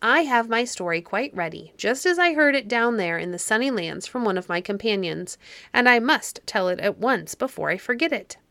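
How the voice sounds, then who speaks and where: A woman's voice: on the high side, lively intonation, normal speed, fairly bright tone, no echo. A woman voicing an eager little male bird who wants to tell his story first, in a dry close recording. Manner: eager, insistent.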